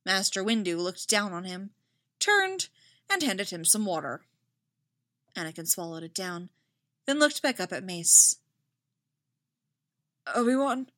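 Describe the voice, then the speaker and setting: A woman reads a story aloud at an easy, slow pace, letting her pitch rise and fall expressively. The sound is close and dry, with no room around it. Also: sing-song, sharp tone, no echo. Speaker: narrator. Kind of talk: reading fan fiction aloud.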